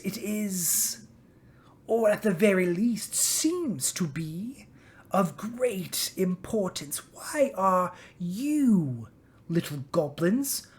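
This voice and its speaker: A woman voicing a weary, theatrical male dragon who sighs and speaks slowly, sometimes sinking to a whisper. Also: medium pitch, heavily acted. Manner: sighing, slow and hushed, drifts into a whisper.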